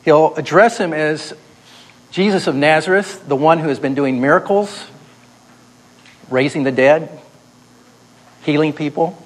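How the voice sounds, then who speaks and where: A man's voice: fairly high pitch, measured pace, long pauses, low-quality recording. A man teaching a seminary class how to tell a story aloud, explaining and then telling it himself on a wired mic. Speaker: teacher of oral Bible storytelling. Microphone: wired microphone.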